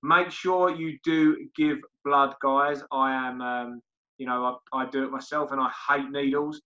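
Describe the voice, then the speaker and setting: A man's voice: medium pitch, steady tone, a little slow, pushed and bright. A man hosting a podcast, chatting casually and filling gaps with ums and uhs. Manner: chatty, friendly sign-off with fillers. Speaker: podcast host. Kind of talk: casual interview chat. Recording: dull lo-fi podcast audio.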